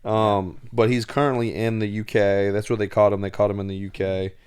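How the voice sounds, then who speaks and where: A man's voice: fairly low pitch, flat delivery, a little fast, darkish tone, clear, resonant tone. A man hosting a podcast, casually explaining a story to viewers with many fillers. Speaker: podcast host. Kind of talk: casual chat.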